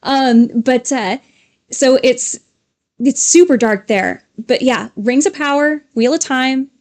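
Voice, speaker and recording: A woman's voice: high voice, takes it slowly, a little mellow. A woman co-hosting a livestream, chatting casually in a rambling way with restarts. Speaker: livestream co-host. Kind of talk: casual chat.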